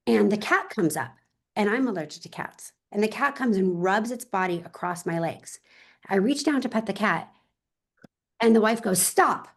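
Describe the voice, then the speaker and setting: A woman's voice: mid-range voice, lively intonation, normal speed, gravelly. A woman real estate agent talking in an interview, telling stories with energy and emphasis and speaking straight to her listeners.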